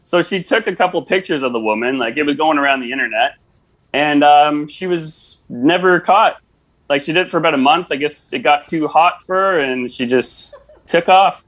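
A man's voice: on the high side, normal speed, fairly bright tone. A man with a Canadian accent, a podcast guest telling stories in a laid-back, sarcastic way. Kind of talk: casual storytelling.

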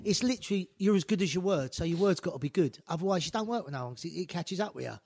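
A man hosting a casual chat, often chiming in with agreement and quick asides. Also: high voice, lively intonation, creaky, a little mellow.

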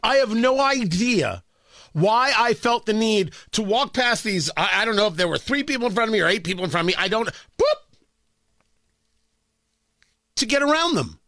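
A middle-aged man from the New York and New Jersey area, a radio host telling a self-mocking story in an animated way. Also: sits high, a little fast, dry recording, clean studio sound. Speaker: radio talk show host. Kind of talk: radio monologue.

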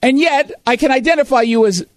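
A man's voice: very high-pitched, a little fast, no room sound. A man hosting a talk show, reading quotes and reacting with sarcastic, emphatic commentary.

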